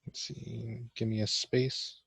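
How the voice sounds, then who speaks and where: A man's voice: mid-range voice, level tone, takes it slowly, fairly bright tone, breathy edge, no echo. A young man giving casual let's-play commentary for a class vlog, awkward and joking at his own expense. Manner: awkward, self-mocking joking. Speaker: gamer doing a class vlog.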